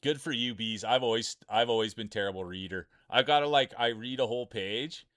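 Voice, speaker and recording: A man's voice: mid-range voice, brisk, no room sound, studio quality. A man hosting a live marble-race stream, giving casual, joking commentary and greeting viewers, laughing often. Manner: jokey, excitable, laughs often while talking. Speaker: streamer and game host.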